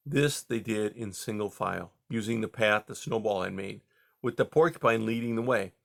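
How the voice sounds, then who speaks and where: Man reading a storybook, bright gravelly voice. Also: fairly low pitch. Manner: steady, measured reading. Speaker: audiobook reader. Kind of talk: storybook narration.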